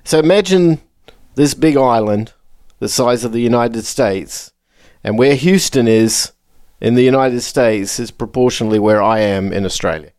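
A man co-hosting a podcast in casual chat over a remote connection, telling relaxed anecdotes. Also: medium pitch, normal speed, dry recording, studio quality. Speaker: podcast co-host.

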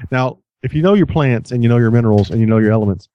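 A man's voice: medium pitch, rapid-fire, no room sound, lo-fi sound. A man from the Houston area co-hosting a casual comedic chat, reading out odd news items in a jokey way. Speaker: podcast co-host.

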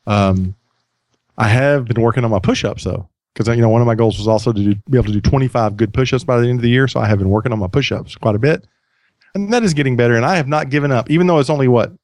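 A male podcast host talking in an easygoing, rambling way, often restarting his sentences. His voice sits at a middle pitch. The recording is dry and close, with no room sound. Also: quick pace, dry recording. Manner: relaxed, rambling with restarts and self-deprecating laughs. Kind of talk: casual podcast chat.

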